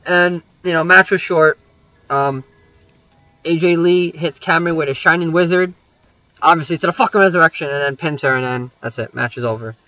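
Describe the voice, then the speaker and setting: A man's voice: on the high side, steady tone, fast, pushed and bright, no room sound, highs cut off, soft background music. A young man rambling through a wrestling recap over gameplay, swearing freely and filling gaps with "you know" and "um".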